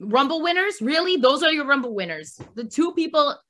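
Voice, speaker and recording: A woman's voice: high voice, brisk. A woman co-hosting a podcast, ranting in casual chat with lots of swearing. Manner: profane, animated ranting. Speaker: podcast co-host.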